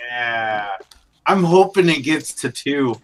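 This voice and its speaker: A man's voice: medium pitch, animated, slow pace, slight background noise. A man in casual chat, drawling and swearing casually.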